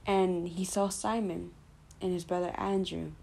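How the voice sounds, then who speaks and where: With a slightly low, mellow, gravelly voice, a woman leading Bible study walks through a passage in a relaxed, informal way. She thinks out loud, filling pauses with fillers and correcting herself as she goes.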